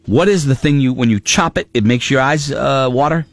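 A man's voice: mid-range voice, moderate pace, no room sound. A man hosting a casual talk show, ranting in an exasperated way. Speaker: radio show host. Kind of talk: casual chat.

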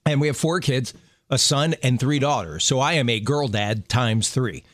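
A man's voice: medium pitch, normal speed, a bit bright, dry recording, clean studio sound. A man in his fifties hosting a radio show, talking in an earnest, friendly way. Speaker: radio host. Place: radio studio.

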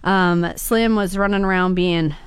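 A woman's voice: lowish voice, steady tone, measured pace. A woman guesting on a radio show, talking about shelter pets in a bubbly, chatty way. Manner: bubbly, chatty, laughs often. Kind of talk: casual radio interview.

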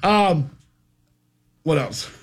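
This man has a husky, high-set voice that swings widely in pitch. He hosts a talk show and tells stories loudly, with lots of excitable energy. His delivery is casual and animated. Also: drawn-out words. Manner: loud, excitable. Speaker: radio show host. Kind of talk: casual chat, animated storytelling.

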